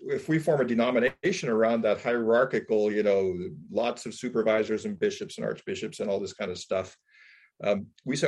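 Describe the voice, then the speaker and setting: Brief: male interviewer, low husky voice, reflective, thinks aloud. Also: brisk, darkish tone.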